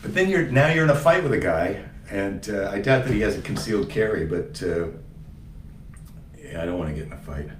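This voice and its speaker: A man's voice: lowish voice, lively intonation, brisk, slight background noise. A man chatting casually to viewers in a rambling, jokey way, often breaking off mid-sentence. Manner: rambling, jokey, self-interrupting. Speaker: comedian doing a daily live stream. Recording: roomy sound, mic at a distance.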